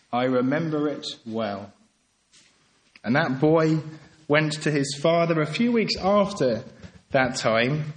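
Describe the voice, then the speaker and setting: Earnest higher-voiced male preacher. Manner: earnest, pleading, rising to emphatic peaks then dropping soft. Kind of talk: sermon.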